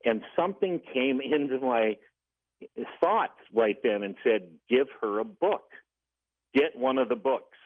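A man's voice: medium pitch, sing-song, measured pace. A man calling in to a radio show, earnestly telling a story and acting out what each person said. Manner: earnest, retelling dialogue in quotes. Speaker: caller. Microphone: telephone. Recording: tinny phone line.

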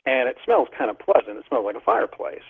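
A man's voice: mid-range voice, quick pace, vocal fry, breathy edge. Man telling a story over the phone. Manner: animated, laughs often. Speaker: guest storyteller. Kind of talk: casual storytelling. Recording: tinny phone line.

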